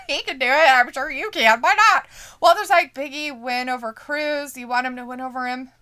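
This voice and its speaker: Bright high-voiced woman reading chat. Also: normal speed. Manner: reads chat comments aloud, laughs often, swears casually. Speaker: stream co-host. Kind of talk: casual live watch-along chat.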